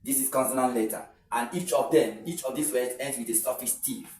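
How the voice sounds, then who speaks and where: Male English teacher, exam-prep pronunciation lesson; drawn-out repeated words, lots of ums; roomy sound, mic set back from him. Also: mid-range voice, darkish tone, soft background music. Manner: repeats words slowly, with frequent hesitant fillers. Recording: roomy sound from a distant mic with faint noise.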